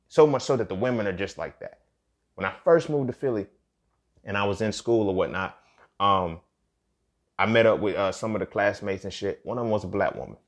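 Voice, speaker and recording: A man hosting a solo podcast, talking in a casual monologue with heavy profanity, street slang and repeated phrases. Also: on the low side. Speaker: podcast host.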